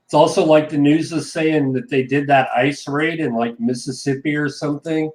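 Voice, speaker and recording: A man's voice: fairly high pitch, steady tone, normal speed, poor audio. A man in casual stream chat, speaking bluntly and opinionated.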